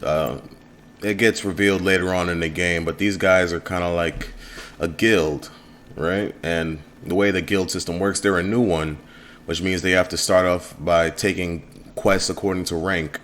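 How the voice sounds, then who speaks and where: A man casually narrating a let's play of his own game demo, relaxed and rambling with fillers. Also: deep voice, moderate pace, a little hiss or hum.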